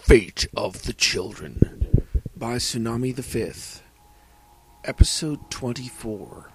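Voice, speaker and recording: A man narrating fan fiction aloud in an earnest, slow reading with small slips. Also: medium pitch, soft background music. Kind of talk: amateur audiobook narration.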